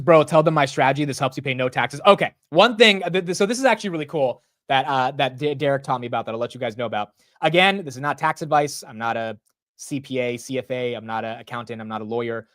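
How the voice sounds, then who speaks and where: A man in his twenties hosting a casual live market stream, rambling and excitable, often saying bro and dude. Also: mid-range voice, dry recording. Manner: rambling with frequent restarts. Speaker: stock market livestream host.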